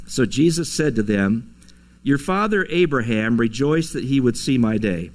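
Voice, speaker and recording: In a church sanctuary, a pastor preaches to his congregation at a moderate pace in a medium-pitched voice. His delivery is conversational, with occasional chuckles and quoted lines he acts out.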